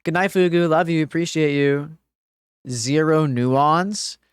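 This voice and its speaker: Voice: mid-range voice, slow, smooth, no room sound, clean studio sound. A game streamer on a livestream, talking back to chat in an exasperated, profane rant.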